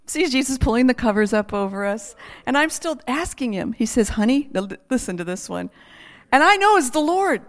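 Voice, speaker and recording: Brief: woman preacher, high voice, animated testimony, laughing storyteller turning to soft prayer. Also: normal speed.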